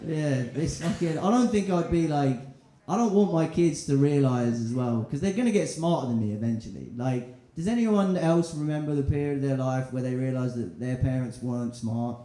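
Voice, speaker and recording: A man's voice: medium pitch, moderate pace, warm tone. A man doing a stand-up set in a comedy club, rambling, crude and self-mocking as he banters with the crowd. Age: 20s. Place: comedy club in central London. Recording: roomy club with crowd laughter.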